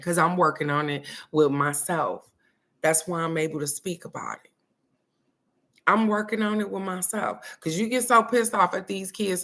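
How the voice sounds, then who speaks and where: A middle-aged woman speaks in a fairly low voice, talking bluntly and preaching her point. She swears freely in casual spoken advice. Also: fairly bright tone. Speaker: host.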